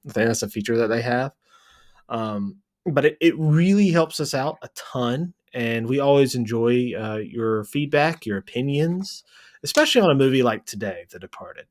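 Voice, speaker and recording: A man co-hosting a movie podcast in casual chat, chatty and rambling with quick asides. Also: medium pitch, animated. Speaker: podcast co-host.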